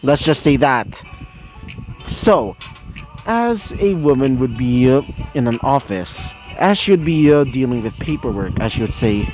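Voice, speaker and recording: A man's voice: mid-range voice, sing-song, normal speed, over music, rough recording. A man reading his own fan story aloud, rambling with fillers and asides. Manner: rambling, repeating "as she would say", filler-heavy asides.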